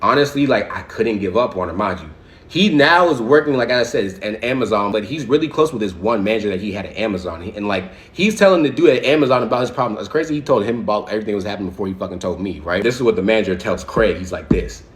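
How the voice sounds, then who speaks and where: A man's voice: fairly low pitch, expressive, quick pace. A young man telling a casual storytime monologue to his viewers, slangy and profane, full of fillers and asides. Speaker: social media storyteller.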